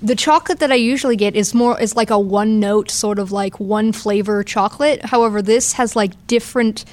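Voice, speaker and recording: A woman's voice: mid-range voice, brisk, a little mellow. A young woman as a radio guest, talking hesitantly with lots of ums and likes. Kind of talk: casual on-air chat.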